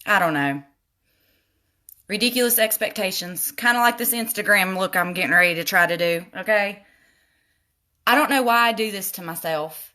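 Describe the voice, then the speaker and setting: A chatty woman talks her viewers through a makeup look on a casual livestream. Her voice is bright and forward, and she keeps drifting into laughing side stories before coming back to her palette. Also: medium pitch. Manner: chatty, goes off on laughing tangents; talks straight to viewers, addressing them as y'all. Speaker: makeup vlogger.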